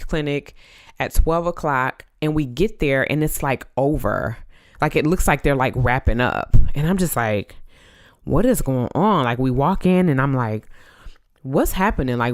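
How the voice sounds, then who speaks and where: Chatty woman podcast host, smooth voice. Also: deep voice, no room sound, clean studio sound. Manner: chatty, animated storytelling with many fillers. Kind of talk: casual chat.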